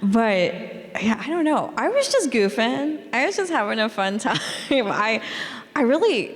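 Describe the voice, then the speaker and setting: An author guest chatting loosely in a live interview, laughing often and full of fillers. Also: female voice, on the high side, very animated, measured pace. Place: library hall before a live audience. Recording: long reverb of a large hall.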